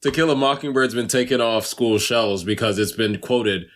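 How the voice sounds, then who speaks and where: A podcast co-host chats casually in a man's medium-pitched voice at a moderate pace. He's animated, laughs a lot, and swears freely.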